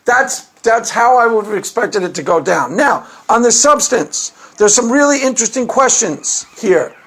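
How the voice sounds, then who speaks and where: A man with an unusually high-pitched voice talks casually to his viewers. He jokes, rambles and repeats phrases over and over. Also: animated, moderate pace, a bit bright. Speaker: YouTube commentator. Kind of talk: casual commentary.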